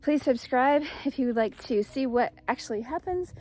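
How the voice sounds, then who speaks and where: Chatty woman, mellow voice. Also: high-pitched, lively intonation, normal speed. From East Tennessee. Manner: chatty, rambling, upbeat. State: out of breath. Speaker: homestead vlogger. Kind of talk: casual vlog talk. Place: outdoors on a hillside homestead.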